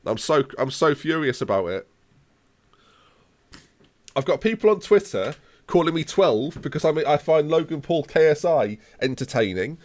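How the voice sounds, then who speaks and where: A man in his late twenties streams a game live and rants in theatrical mock outrage. His slightly high voice swings widely up and down as he rambles and repeats himself. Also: expressive, moderate pace, pauses often. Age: late 20s. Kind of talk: live gaming stream rant.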